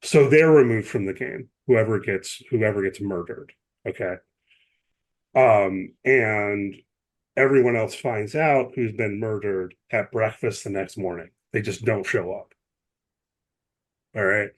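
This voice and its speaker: Male podcast co-host, slightly low voice, rambling explainer, casual chat. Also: measured pace. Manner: chatty, explains at length with many asides and restarts.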